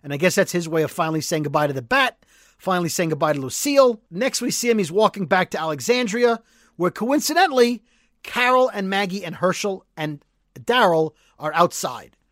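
A man co-hosting a podcast, retelling a TV episode as an animated storyteller who acts out the quotes. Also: high voice, brisk, no echo, clean studio sound. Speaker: podcast co-host. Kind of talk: casual recap chat.

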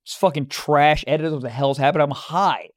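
A young man riffs brashly through crude podcast banter and swears freely. His voice sits a little high. The recording is dry and close. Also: brisk, no echo. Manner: brash, profane, riffing. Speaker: podcast co-host.

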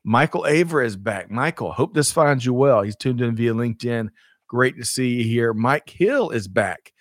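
A man's voice: mid-range voice, lively intonation, normal speed, dry recording, clean studio sound. A man co-hosting a livestreamed show in casual chat, upbeat and chatty, with frequent laughs and fillers. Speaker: co-host of a livestreamed supply chain show.

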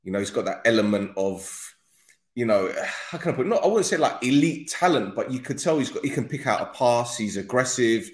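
A man's voice: medium pitch, lively intonation, brisk. Chatty man in an echoey room. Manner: chatty, rambling, jokey. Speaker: podcast host. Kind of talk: casual interview chat.

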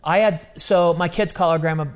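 Man, thirties, lightly high voice, animated casual storyteller, slangy chat. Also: fairly quick, smooth. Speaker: guest.

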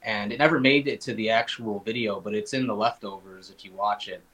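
A man's voice: fairly low pitch, steady tone, brisk, a bit bright, low-quality recording. Rambling man telling a casual story. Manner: rambling, many fillers and restarts. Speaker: podcast guest. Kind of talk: casual chat.

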